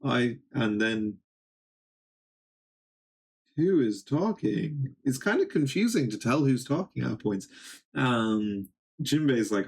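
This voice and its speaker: A young man streaming a live reaction, reading a comic aloud and reading its dialogue in his plain voice, in a casual, halting way. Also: medium pitch, lively intonation, slightly rough.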